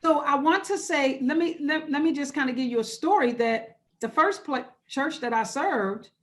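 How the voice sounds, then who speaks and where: A woman's voice: high-pitched, normal speed, a bit bright. A woman pastor leading an interactive online workshop over a video call. She talks conversationally and repeats key phrases for emphasis. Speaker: pastor leading a church webinar.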